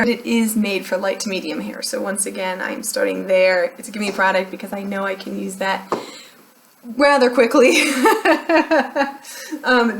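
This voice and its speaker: A woman's voice: medium pitch, vocal fry. A young adult woman talking casually as a beauty vlogger, chatty and self-deprecating, laughing often. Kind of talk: casual chat.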